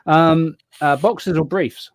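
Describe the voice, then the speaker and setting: Relaxed middle-aged co-host, dry sound. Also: male voice, fairly high pitch, measured pace, vocal fry, dry recording. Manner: relaxed, friendly questioning with many ums. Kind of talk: casual chat.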